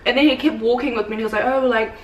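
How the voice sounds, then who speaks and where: A woman's voice: on the high side, steady tone, very fast. A young woman chats in a loose, rambling vlog style, her stories full of "like", sitting some way back from the mic. The room sounds echoey, with a faint ambient hum behind her. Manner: chatty storytelling, full of "like". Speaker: fitness coach. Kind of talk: casual vlog chat. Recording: roomy, distant, faint ambience.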